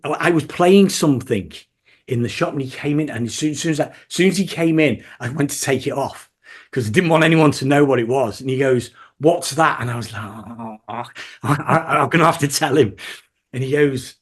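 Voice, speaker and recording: A man with a fairly high voice tells record-shop stories in a relaxed interview. He talks in animated bursts, laughs, restarts often, and slips briefly into the voices of the people he quotes. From England. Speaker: guest, DJ and record shop worker. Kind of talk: casual storytelling in an interview.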